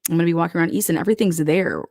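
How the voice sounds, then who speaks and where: A woman's voice: lowish voice, very fast, a little mellow. A woman giving casual, profane true crime commentary, blunt and heated, firing off rhetorical questions.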